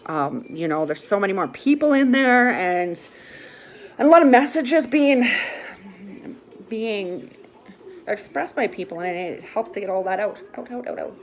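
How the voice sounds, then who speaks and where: Sharing her recovery on her vlog, a woman speaks unhurriedly in a medium-pitched, expressive voice, leaving long pauses. It's an open, meandering talk packed with fillers and false starts, sometimes profane and close to tears.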